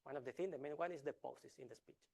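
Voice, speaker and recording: A man presenting a research talk in an academic lecture style, explaining step by step with frequent filler sounds, restarts and deliberate pauses. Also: mid-range voice, gravelly, a little mellow.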